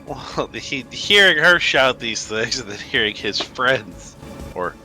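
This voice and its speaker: A man playing a smooth, persuasive character in a tabletop game. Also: medium pitch, animated, slow pace, sharp tone, faint music behind. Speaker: player.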